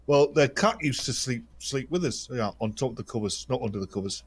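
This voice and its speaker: Halting man telling a tale. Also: medium pitch, animated, breathy edge. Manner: halting, repeats words, many uhs. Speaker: podcast co-host. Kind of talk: casual anecdote.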